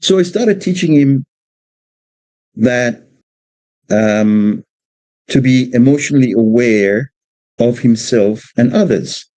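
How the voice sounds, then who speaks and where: A man from Australia, a father, speaking informally about raising children, halting and repeating words as he tells stories about his young son. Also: medium pitch, expressive, dark tone, dry recording, rough recording. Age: adult parent of a two-year-old. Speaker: speaker giving a religious exposition on parenting. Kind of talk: informal talk with personal stories.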